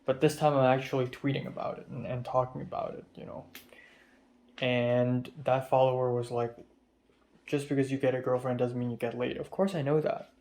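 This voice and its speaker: Tired, stressed young man venting. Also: mid-range voice. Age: young adult. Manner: stressed, rambling, swearing, soft-spoken from tiredness. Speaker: vlogger. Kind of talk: confessional vlog rant. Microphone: phone camera.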